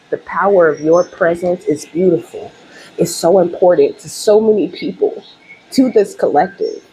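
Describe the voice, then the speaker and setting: A woman's voice: on the low side, normal speed, warm tone, slight background noise, low-quality recording. A woman hosting her own channel, giving a casual spiritual reading straight to her viewers in a chatty, emphatic and openly heartfelt way. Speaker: spiritual reader and channel host.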